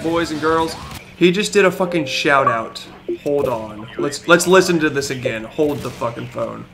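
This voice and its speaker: A young man streaming a shooter game, excitedly narrating, shouting and laughing as he repeats himself. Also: fairly high pitch, normal speed, creaky. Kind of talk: excited gaming stream commentary.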